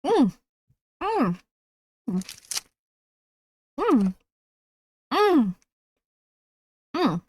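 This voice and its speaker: Squeaky woman with a put-on Southern drawl. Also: sing-song, very slow, pauses often, a little mellow. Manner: sweet, effusive, calls viewers sweetie. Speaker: streamer. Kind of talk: casual livestream chat.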